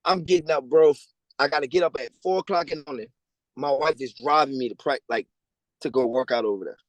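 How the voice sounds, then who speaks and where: A man, a guest telling his story over a remote call in a casual, slangy way and acting out other people's lines in a higher voice. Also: quick pace, no room sound, low-quality recording. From Louisiana. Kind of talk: storytelling interview. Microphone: remote call over a weak connection.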